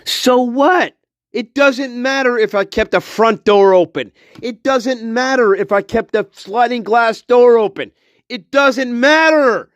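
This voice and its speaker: A man giving a ranting commentary, shouting, swearing and mocking his critics. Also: very high-pitched, takes it slowly, no room sound. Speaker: online commentator.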